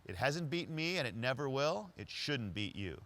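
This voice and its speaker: A man acting out a streetwise homeless man who is tough but kind, in a louder, higher, emphatic voice. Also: big pitch swings, normal speed. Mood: encouraging.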